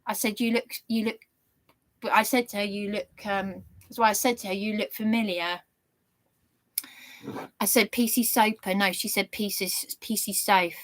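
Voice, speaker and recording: A woman's voice: medium pitch, fairly even intonation, moderate pace, dry recording. A woman vlogging an indignant, ranting monologue with sarcastic jabs. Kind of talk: angry monologue to camera.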